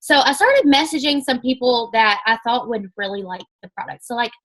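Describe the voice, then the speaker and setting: A young woman with a somewhat high voice tells her story to a business audience. She talks in a chatty, animated way and acts out the lines people said to her. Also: fairly quick, poor audio. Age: young adult. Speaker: network marketing speaker. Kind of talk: casual storytelling talk.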